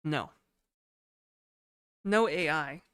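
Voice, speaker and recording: Slow-talking, laid-back woman streamer. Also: low-pitched, a bit bright, clear, resonant tone, no echo, clean studio sound. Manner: laid-back, slangy, sighing and chatting to viewers. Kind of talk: casual live-stream chat.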